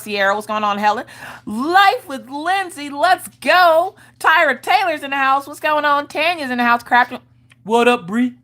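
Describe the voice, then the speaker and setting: Woman hosting her craft livestream, kinda high voice, hypes up everyone in chat, super casual. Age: adult, her father watches. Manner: upbeat, shouts out viewers by name, swings her pitch around. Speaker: livestream host greeting chat. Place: home craft room.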